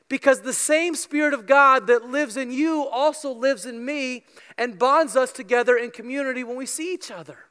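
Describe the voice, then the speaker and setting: A man preaching a sermon to his congregation, earnest and emphatic, with playful asides, swinging between loud stressed lines and quiet ones. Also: extremely high pitch, clean tone, big-room sound. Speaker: pastor. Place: church sanctuary with congregation.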